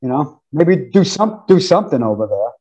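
A man in his fifties with a New York accent, a guest musician telling stories in a casual interview, animated and acting out counts and quotes. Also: fairly high pitch, moderate pace, husky, poor audio. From United States. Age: 50s. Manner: animated storyteller, acts out counts and quotes, says "man" often.

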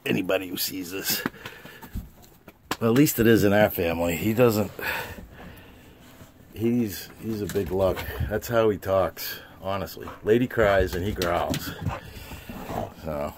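Man, low gravelly voice, unhurried, playful with his dogs, casual home video, light background noise. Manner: playful, teasing, repeats commands to his dogs. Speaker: dog owner filming his pets.

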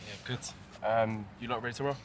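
A man's voice: medium pitch, steady tone, fast, noisy background, lightly acted. An actor playing an easygoing, friendly young man greeting a newcomer. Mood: casual. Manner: casual, easygoing.

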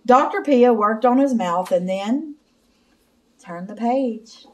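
A woman slowly and expressively reading a children's picture book aloud. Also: on the high side, animated. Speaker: storyteller.

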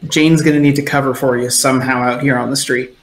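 A man's voice: medium pitch, little pitch movement, quick pace. A man narrating a tabletop role-playing game as game master, in a loose, descriptive storytelling way. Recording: echoey room.

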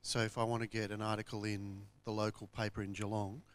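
A man's voice: lowish voice, little pitch movement, fairly quick. A man in a workshop asking questions into a handheld microphone, hesitant and searching for words. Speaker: workshop participant.

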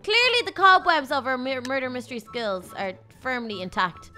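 A woman hosting a gaming video, chatting playfully and excitably while she plays. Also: high voice, normal speed, faint music behind. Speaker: gaming channel host. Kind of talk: casual gameplay chat.

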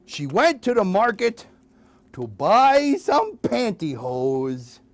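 A man tells nursery rhymes as a children's puppeteer, sing-song and playful, chatting to his audience between verses. His voice sits high and moves a lot, at an unhurried pace. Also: huge pitch swings, dry recording. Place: hospital closed-circuit TV studio.

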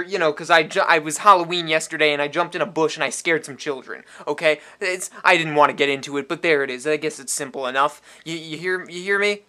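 A man doing a loud shady hustler. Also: on the high side. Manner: loud, pushy, stammering, keeps asking okay. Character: shady pushy hustler man dodging the law. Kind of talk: improvised parody ad.

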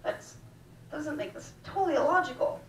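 A woman's voice: high voice, normal speed. Blunt, profane woman ranting onstage. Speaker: guest host and stand-up comedian. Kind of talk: stand-up set. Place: small cafe comedy room. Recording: roomy, distant with faint room noise.

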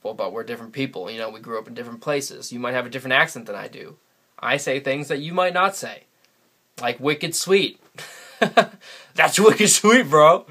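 Quick-paced and bright-voiced, this medium-pitched guy from New England, USA, rambles through a casual solo vlog. He's chatty and laughs often while sitting alone in front of a camera, recorded on the camera mic.

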